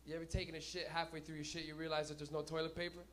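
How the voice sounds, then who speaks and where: A young man hosting a comedy night and telling stand-up stories in a loud, profane way, breaking into laughter, in a small club. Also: a little high, level tone, very fast. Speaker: comedy host. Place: small smoky comedy venue.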